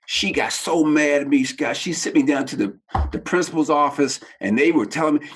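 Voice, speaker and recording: A man's voice: fairly high pitch, moderate pace, a bit bright, breathy edge. A man in his sixties from Baltimore, a podcast guest telling personal stories with animation and acting out the voices he quotes. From Baltimore, United States. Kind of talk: personal storytelling in an interview.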